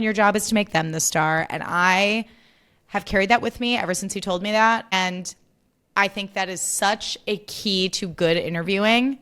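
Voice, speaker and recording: A woman hosting her own podcast in a loose, ranting chat. She gets fired up and swears freely as she goes. Her voice sits at a middling pitch for a woman. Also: clear, resonant tone. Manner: animated, swears freely, worked up. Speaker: podcast host. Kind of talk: solo podcast, casual rant.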